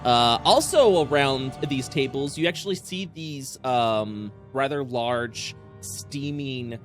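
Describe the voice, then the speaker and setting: A man's voice: mid-range voice, slow pace, soft background music. A young adult man narrating a tabletop game as dungeon master, rambling with lots of fillers.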